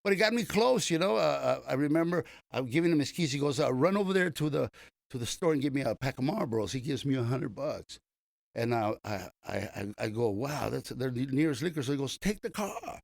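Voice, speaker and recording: A man's voice: medium pitch, animated, brisk, vocal fry, no room sound. An older man, a comedian being interviewed, telling long stories in a casual, rambling way with many restarts. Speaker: comedian guest.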